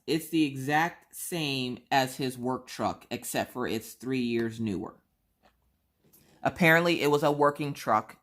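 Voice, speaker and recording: A woman vlogger telling a story in a chatty, slangy way, acting out the voices she quotes. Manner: animated, acts out quoted voices with big pitch jumps; casual slangy talk, addresses viewers as y'all.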